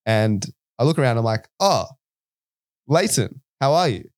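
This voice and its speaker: A man's voice: medium pitch, a little slow, no room sound. Australian male podcast co-host, storyteller, casual, dry close mic. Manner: animated anecdote-telling with frequent "right?" and "like".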